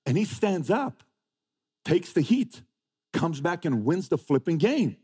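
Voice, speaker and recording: A man's voice: fairly high pitch, very animated, a little slow, warm tone, husky. A man giving a motivational talk, emphatic, repeating phrases and firing rhetorical questions. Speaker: motivational speaker. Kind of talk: motivational talk to a live audience.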